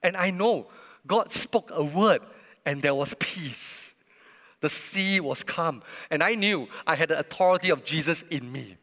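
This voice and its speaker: A man with a fairly high, bright, forceful voice preaches a sermon in an earnest, storytelling way. He leans on emphatic pauses, and his words ring out with the long reverb of a large church hall. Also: expressive.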